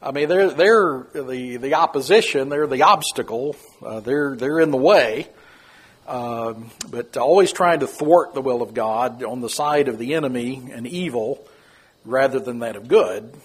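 A man's voice: a little slow, slightly rough. A man teaching a Bible study in a folksy, chatty way, chuckling often and acting out quotes. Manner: folksy, chuckling, acts out quoted lines in a high voice.

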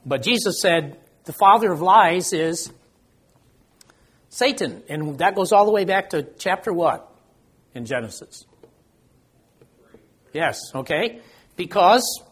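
A man's voice: on the high side, a bit bright, breathy edge. An older man leading an informal Bible study, talking conversationally, quizzing the group and joking about his own memory. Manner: conversational, asks the group questions, self-deprecating.

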